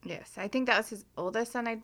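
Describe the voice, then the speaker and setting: A woman's voice: fairly high pitch, fast, fairly bright tone. A woman co-hosting a podcast, chatting casually and profanely about a true-crime case. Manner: chatty, profane, giggly asides. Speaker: podcast co-host.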